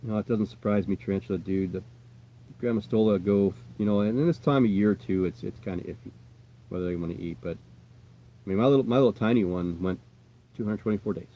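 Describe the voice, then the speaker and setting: An American man chatting casually on a livestream as a tarantula keeper, rambling and reassuring, often trailing off quietly. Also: lowish voice, fast. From United States. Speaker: tarantula keeper answering live chat.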